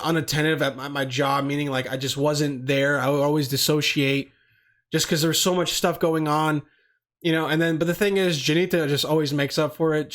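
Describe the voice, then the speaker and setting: A man's voice: fairly high pitch, a bit bright. A young man hosting a podcast on his own, rambling in loose, profane casual talk full of slang. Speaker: podcast host.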